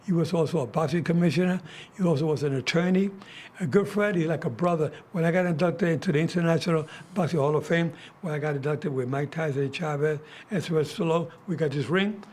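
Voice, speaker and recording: A man's voice: fairly high pitch, fast, darkish tone. An older man hosting a talk show, telling casual stories with many restarts and fillers. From United States. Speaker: host. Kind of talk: casual storytelling chat.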